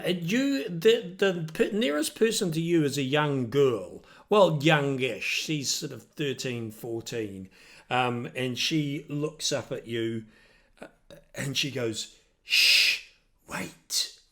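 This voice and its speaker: Game master narrating a tabletop game, a man, slow and halting. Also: on the high side. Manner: hesitant, many ums and restarts.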